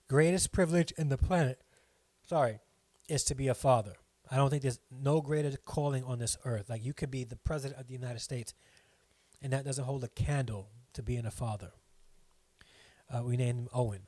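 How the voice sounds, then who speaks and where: A man's voice: medium pitch, a little mellow, no room sound. A middle-aged man hosting a live stream from home, chatting casually, rambling and reading viewer comments aloud.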